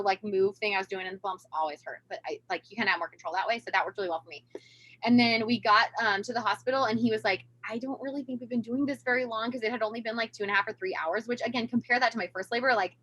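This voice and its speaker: A woman in her thirties, a podcast guest telling a long story in casual chat, animated and acting out the voices of the people she quotes. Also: mid-range voice, racing.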